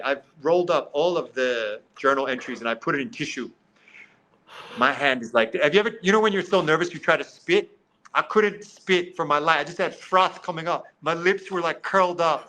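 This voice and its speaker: A man who is a podcast guest, telling a story in a lively way. He slips into quoted dialogue and says "like" often. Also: on the high side, rough recording. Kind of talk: animated storytelling in conversation.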